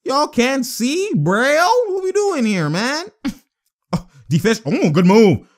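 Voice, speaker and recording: A young man giving excitable live reaction commentary on a basketball game, laughing often and throwing out slangy exclamations. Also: extremely high pitch, takes it slowly.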